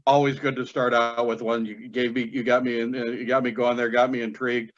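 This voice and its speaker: A man's voice: mid-range voice, little pitch movement, brisk, highs cut off. A male host with a Kentucky accent chatting in a rambling way over a video call, with lots of fillers and restarts. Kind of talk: casual chat.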